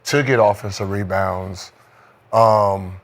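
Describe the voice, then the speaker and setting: A man with a fairly low voice talks through a basketball game in loose, rambling podcast chat. He leans on "you know" constantly and drifts between thoughts. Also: fairly even intonation, takes it slowly, slight background noise. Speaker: podcast co-host, former basketball player. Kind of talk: casual sports chat.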